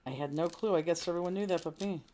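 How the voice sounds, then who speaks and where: A woman's voice: on the low side, fast, mellow, slight background noise. A woman hosting a live online craft class, chatting casually, laughing often and thinking aloud as she works. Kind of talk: casual live-stream chat while crafting.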